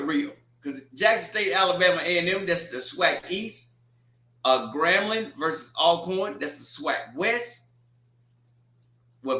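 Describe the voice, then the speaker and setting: Host: man, slow bright roomy delivery, blunt teasing score chatter. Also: on the high side. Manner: blunt, teasing trash talk. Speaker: watch party host. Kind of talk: casual score rundown and commentary.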